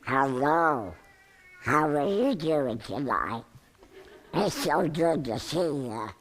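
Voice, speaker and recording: A preacher voicing a friendly, chattering talking duck in a quacking duck voice. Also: male voice, a little high, lively intonation, slow, a bit bright. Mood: friendly greeting.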